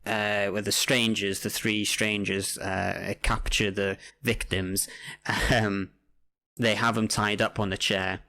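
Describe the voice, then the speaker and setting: Hesitant, rambling low-voiced man. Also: level tone, takes it slowly, bright, forceful tone. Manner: rambling, hesitant, many fillers. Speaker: podcast co-host. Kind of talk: casual chat.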